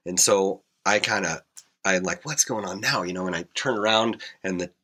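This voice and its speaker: A man's voice: deep voice, moderate pace, bright, forceful tone. A man, a helicopter pilot, telling a rambling story in a casual interview, full of fillers and restarts.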